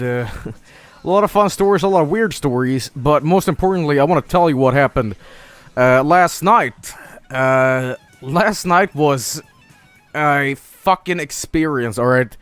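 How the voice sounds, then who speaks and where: A young man casually telling stories on a stream, halting and swearing, breaking into laughter. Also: on the high side, fairly bright tone, clear, resonant tone, no room sound. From Sweden.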